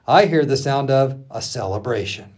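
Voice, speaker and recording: This is a man reading scripture on a pastors' podcast. His voice is somewhat husky and moves a lot in pitch. He throws himself into the quoted lines, punching some up and dropping others low. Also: normal speed. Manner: expressive reading, acting out the quotes with laughs between. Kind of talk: reading scripture aloud with asides.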